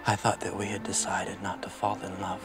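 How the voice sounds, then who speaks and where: An actor playing a brooding young knight in love, speaking film dialogue in a low, gravelly murmur. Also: male voice, completely flat delivery, fairly quick, over loud music. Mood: tender. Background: film score.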